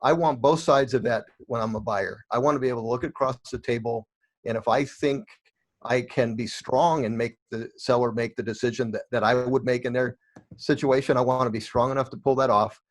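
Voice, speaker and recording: A middle-aged man, a guest in an interview, telling stories in an animated way and acting out the dialogue of people he met. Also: mid-range voice, fairly quick. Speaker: guest, real estate investor. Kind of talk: storytelling interview answers.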